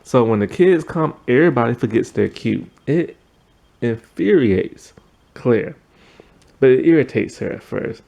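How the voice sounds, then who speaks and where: A man's voice: medium pitch, animated, unhurried, vocal fry, mellow, lo-fi sound. A man recapping a TV episode in a casual, rambling way, full of fillers. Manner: rambling, filler-heavy retelling. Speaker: TV episode reviewer.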